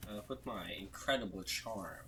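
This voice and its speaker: A man's voice: on the low side, normal speed, a bit bright, rough recording. A man playing a tabletop game, casual and a little hesitant. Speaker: player.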